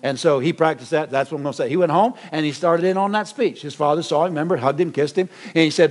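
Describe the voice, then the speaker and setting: High-voiced preaching pastor. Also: male voice, brisk, few pauses. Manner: animated preaching with repetitions and restarts. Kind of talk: sermon.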